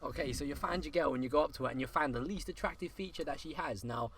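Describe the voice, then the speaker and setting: A man's voice: on the high side, quick pace, a bit bright, slight background noise. A young English man co-hosting a comic podcast, giving mock advice in an exaggerated put-on street-slang voice. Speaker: podcast co-host.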